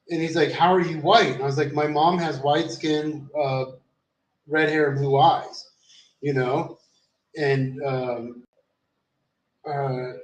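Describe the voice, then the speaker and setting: Guy rambling thru a story, cussing a lot, kinda far off the mic in a roomy space. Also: fairly high pitch. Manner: swears freely, loose and rambling with many fillers. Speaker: vlogger. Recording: roomy echo, distant from the mic.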